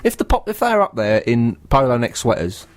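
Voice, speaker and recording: A man's voice: mid-range voice, very animated, a little fast. A British man co-hosting a comedy radio show, chipping in with dry, wry one-liners. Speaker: co-host. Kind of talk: casual comedic chat.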